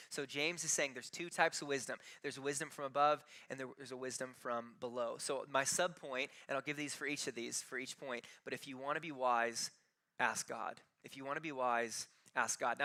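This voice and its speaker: Pastor, thirties man, chatty storyteller, fairly high, crisp voice, church room. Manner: chatty storytelling, animated asides. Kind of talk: casual conversational sermon. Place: church sanctuary, slightly echoey. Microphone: handheld or stand mic.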